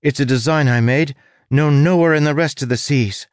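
A man's voice: medium pitch, moderate pace, no room sound, voice pushed up, close to an everyday voice. A man voicing an earnest young woman adventurer in an audiobook, pleading her case in a raised voice. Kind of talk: audiobook character voice.

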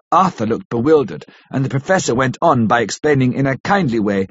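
A man narrates a classic novel at a measured, steady pace. His voice is husky and mid-pitched. The recording is dry and lo-fi. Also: dry recording. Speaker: audiobook narrator. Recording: dull lo-fi recording.

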